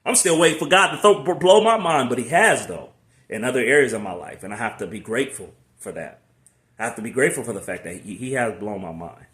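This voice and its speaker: A man talking to his channel about faith in a casual, preachy way, mixing encouragement with slangy asides. His pitch moves a lot from phrase to phrase. The room adds a noticeable echo. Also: animated, quick pace, a bit bright. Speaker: faith vlogger. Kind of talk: casual motivational talk to camera. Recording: echoey room.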